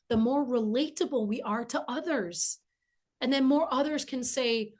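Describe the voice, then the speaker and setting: A woman's voice: fairly high pitch, steady tone, normal speed, darkish tone. Earnest, emphatic spiritual woman speaker. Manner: earnest and emphatic, repeats key phrases. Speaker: spiritual teacher. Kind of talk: inspirational spiritual monologue.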